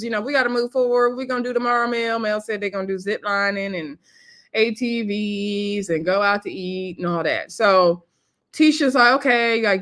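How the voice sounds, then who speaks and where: A woman's voice: mid-range voice, a bit bright. A young woman chats casually through a reality show recap. She retells the scenes by quoting each cast member and tosses in sassy asides to her viewers.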